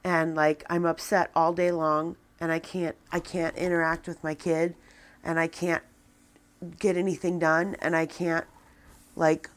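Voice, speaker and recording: A woman in her forties talking to a camera, venting in a halting, downcast way with many restarts. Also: low-pitched, flat delivery. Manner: subdued and downcast. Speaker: vlogger. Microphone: camera with a person filming.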